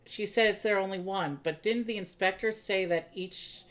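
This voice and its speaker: A woman's voice: mid-range voice, normal speed. A woman playing along on a game stream, focused and practical. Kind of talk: casual game stream chat.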